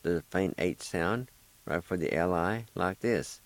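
A man's voice: low-pitched, lively intonation, measured pace, no echo, rough recording. A man hosting a radio language lesson. He patiently spells words out letter by letter, repeats each one, and encourages his listeners. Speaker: language teacher and radio host.

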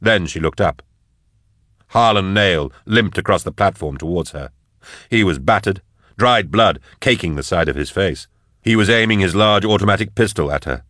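A man narrating an audiobook in a measured, even way. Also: deep voice, dry recording, clean studio sound.

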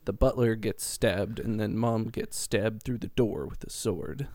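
A man's voice: on the low side, unhurried, darkish tone, dry recording. A man co-hosting a podcast, rambling through a casual plot recap and chuckling as he goes. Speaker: podcast co-host recapping a game. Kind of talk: casual chat.

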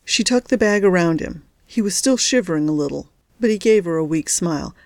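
A woman with a fairly low voice narrates a novel as an audiobook narrator, delivering scripted lines in a steady, measured storytelling manner. There's no echo, and the studio sound is clean.

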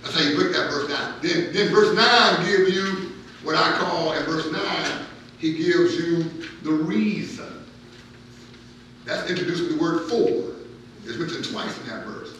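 Emphatic pastor in a very echoey hall. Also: male voice, a little high, measured pace, a little hiss or hum. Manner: emphatic, repeats words, builds to near-shouts. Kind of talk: Bible-study sermon. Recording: very echoey room, mic far off.

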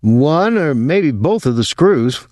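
A man reading an audiobook, voicing an excited male boat crewman, loud and urgent. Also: a little high, slow pace, no room sound, studio quality, pitched above the performer's own voice. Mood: alarmed.

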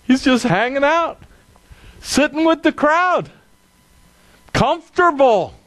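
A male pastor preaching a sermon with emphatic, dramatic delivery. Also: slow pace. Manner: animated, emphatic, dramatic drops to a low voice.

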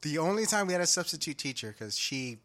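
A young man telling a story in casual chat with friends, animated, laughing often and swearing freely. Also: fairly high pitch, fast.

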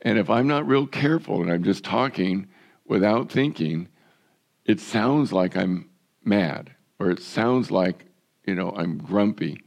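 An older male pastor delivers a sermon in a hoarse, gravelly voice with plenty of rough fry. He speaks slowly and earnestly, with a slightly low pitch. He often circles back and repeats words as he presses each point home. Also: lively intonation, darkish tone.

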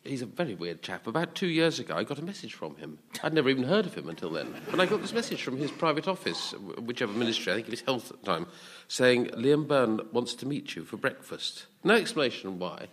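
A man's voice: medium pitch, very animated, quick pace, fairly bright tone, a little hiss or hum. A man on a comedy panel, telling a wry anecdote.

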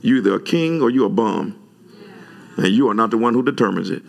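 Man, preacher, gravelly, animated sermon delivery. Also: brisk. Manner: animated preaching, sudden loud pitch jumps when retelling his own words. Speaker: pastor.

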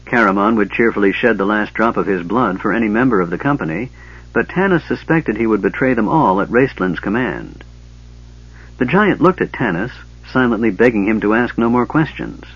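A man narrating an audiobook in a measured, steady storytelling voice. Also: fairly low pitch, husky. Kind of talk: scripted narration. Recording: dull lo-fi cassette audiobook.

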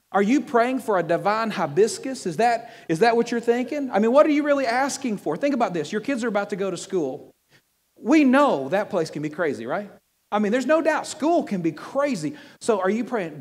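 A man preaches to a congregation with an animated, joking delivery, often stumbling over and repeating words. His voice sits high for a man. The sound carries a long reverb from the hall. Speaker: pastor. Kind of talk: sermon. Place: church hall with audience.

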